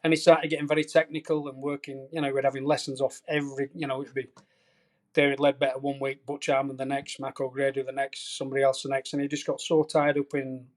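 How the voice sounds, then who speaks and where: A man's voice: mid-range voice, fast. A middle-aged man, a veteran golf caddie, telling colorful stories as a podcast guest. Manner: animated, colorful storyteller. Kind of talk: storytelling anecdote in a podcast interview.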